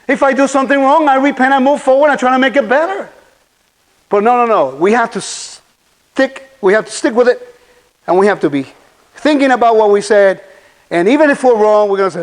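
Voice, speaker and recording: A man's voice: very high-pitched, expressive, fairly quick, poor audio. A man giving a conference sermon, preaching animatedly and putting rhetorical questions to the audience. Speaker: conference speaker. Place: conference hall.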